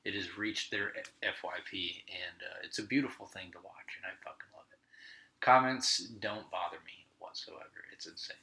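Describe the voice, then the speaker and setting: A man's voice: low voice, moderate pace, bright, forceful tone, low-quality recording. Profane ranting male podcast host. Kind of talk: casual rambling monologue.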